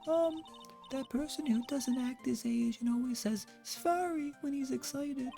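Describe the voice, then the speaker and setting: A woman's voice: high voice, moderate pace, vocal fry, faint music behind. A woman voicing a shy, timid little girl. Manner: timid and hesitant, with soft fillers.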